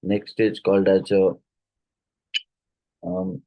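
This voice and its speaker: A man with an Odia-influenced Indian English accent teaching a phonetics exam-prep lesson, explaining slowly, spelling words letter by letter and using many fillers. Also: lowish voice, very animated, gravelly, no echo, muffled recording.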